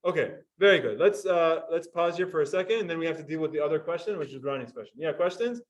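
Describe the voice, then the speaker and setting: High-voiced man teaching a class. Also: animated, fast, distant mic, rough recording. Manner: explanatory, asks students questions. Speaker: Talmud teacher. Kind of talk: classroom Talmud lesson.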